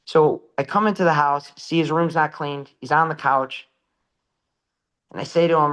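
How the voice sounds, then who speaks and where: A middle-aged man in a casual podcast chat, telling lively anecdotes about selling shower doors and acting out the quotes, swearing now and then. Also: on the high side, normal speed. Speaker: shower door salesperson.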